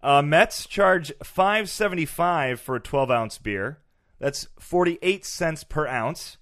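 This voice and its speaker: Deadpan male comedy podcast host. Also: a little high, slow, dry recording, studio quality. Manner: deadpan delivery of punchlines. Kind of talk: reading scripted jokes in casual banter.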